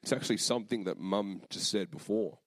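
A man's voice: fairly low pitch, a little fast, no echo. A young man preaching a sermon, telling a personal story in a casual, earnest way with many fillers and moments of emotion.

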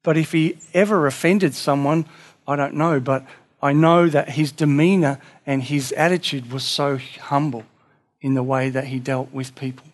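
A man's voice: fairly high pitch, steady tone, normal speed. A man preaching a sermon in an earnest, conversational way, acting out little dialogues as he goes. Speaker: pastor.

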